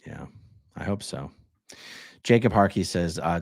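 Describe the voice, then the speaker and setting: A man's voice: low-pitched, animated, unhurried, vocal fry, pauses often, dry recording, studio quality. A man hosting a livestream, reading viewer comments aloud in a laid-back way, and chatting with his guest. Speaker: livestream host reading chat. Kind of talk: casual livestream chat.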